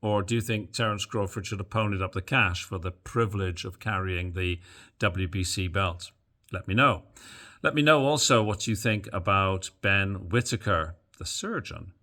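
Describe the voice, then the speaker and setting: A man's voice: on the low side, lively intonation, a little slow, pushed and bright. A man hosting a boxing news channel, giving casual, opinionated commentary to camera with plenty of fillers and asides.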